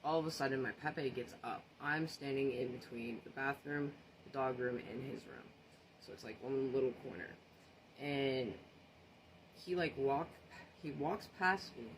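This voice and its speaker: A man's voice: mid-range voice, a little slow, fairly bright tone, poor audio. A man casually recounting a personal story, earnest and shaken, often restarting and repeating phrases. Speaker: social media storyteller. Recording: noticeable background noise.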